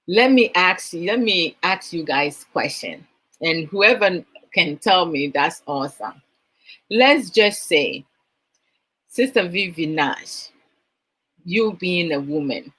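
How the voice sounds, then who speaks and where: A motivational talk is hosted by a woman with a Ghanaian accent, probably in her thirties, who mixes in Twi phrases and asks her audience questions. Her voice is fairly low, fairly bright and slightly rough, and the recording is rough too.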